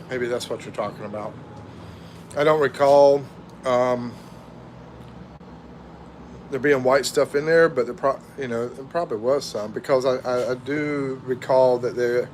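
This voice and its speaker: With a mid-range voice and slight background noise, a middle-aged man hosts a casual livestream. He reads viewer comments aloud, chatting in a drawling, rambling manner.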